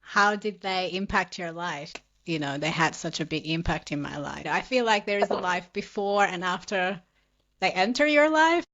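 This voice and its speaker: A woman's voice: fairly low pitch, normal speed, fairly bright tone. A woman hosts a casual podcast interview, nudging her guest along with friendly prompts and questions. The sound is muffled and lo-fi. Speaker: podcast host. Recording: dull, lo-fi podcast audio.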